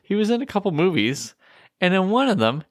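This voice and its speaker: A man's voice: high-pitched, very animated, a little fast, no echo. A man co-hosting a podcast, chatting casually and joking with dry understatement. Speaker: podcast co-host. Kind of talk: casual chat.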